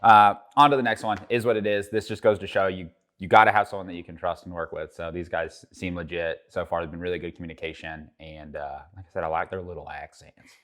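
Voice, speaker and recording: Man, lowish voice, casual vlog, joking, profane, rambling. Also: fairly even intonation, fast talker, few pauses, a bit bright. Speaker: car vlogger.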